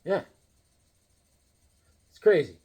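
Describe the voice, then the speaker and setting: A man's voice: extremely slow, narrow, tinny audio. A man hosting a casual comic book collecting vlog, playful and rambling with goofy jokes.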